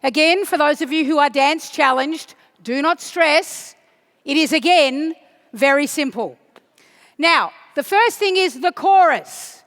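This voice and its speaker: A woman leads a congress crowd through a chant and a simple dance, teasing them playfully and rising into shouts to rouse them. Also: high-pitched, measured pace. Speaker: chant leader at a union congress. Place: large conference hall. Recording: echoey large hall.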